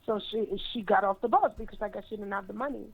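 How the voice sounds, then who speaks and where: A woman's voice: mid-range voice, fast, vocal fry, breathy edge, narrow, tinny audio. A woman chatting on a radio talk show, telling a story. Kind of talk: casual radio chat.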